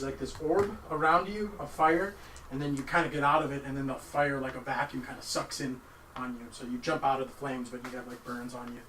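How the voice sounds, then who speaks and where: A man narrating as game master of a tabletop game, halting with many fillers and restarts. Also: medium pitch, bright, forceful tone. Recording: echoey room, distant mic, faint noise.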